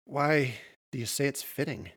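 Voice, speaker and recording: A man's voice: medium pitch, animated, unhurried, a bit bright, husky, voice pushed up. A man voicing a harried, weary school counselor who talks sternly and gets flustered.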